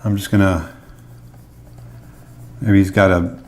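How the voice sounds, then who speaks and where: Relaxed man narrating a sketching tutorial. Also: low voice, slow. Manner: relaxed, thinking aloud while sketching, casual fillers. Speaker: animator and drawing instructor.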